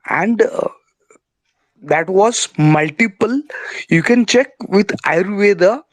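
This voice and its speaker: A man, hoarse from a sore throat. He talks slowly and hesitantly, filling pauses and apologizing as he goes. His voice sits a little high and the sound is dry and close. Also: no echo. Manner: hesitant, many fillers, apologetic. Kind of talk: casual discussion, call-in.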